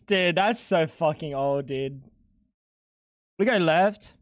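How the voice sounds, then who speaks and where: A young man chatting casually on a live stream, animated, swearing and laughing a lot. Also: on the high side, drawn-out words, dry recording, clean studio sound.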